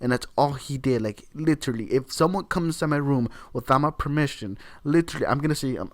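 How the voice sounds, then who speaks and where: A man's voice: medium pitch, quick pace, few pauses, no room sound. A man ranting to camera in a heated, repetitive way, swearing often and leaning on the same words again and again. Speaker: video creator. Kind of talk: opinion rant to camera.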